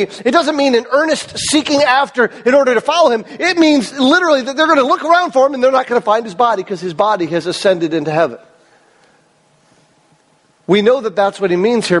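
A man's voice: high voice, fairly bright tone. A male pastor preaching an earnest, emphatic sermon, his voice cracking at times and putting questions to the congregation. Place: church service hall. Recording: long reverb of a large hall.

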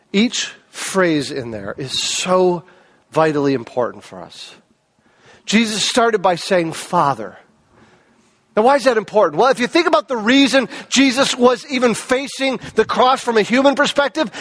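High-voiced man preaching a sermon. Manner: conversational preaching, rhetorical questions, swings loud and soft. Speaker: pastor.

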